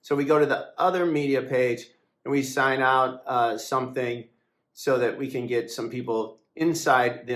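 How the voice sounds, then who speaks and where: A man talks in a rambling, aggrieved monologue, stopping often for fillers and restarting his sentences. His voice sits at an ordinary middle pitch. The room around him is echoey. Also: a bit bright. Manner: hesitant, full of fillers and restarts; aggrieved, complaining. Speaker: website founder and editor. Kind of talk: casual monologue to camera.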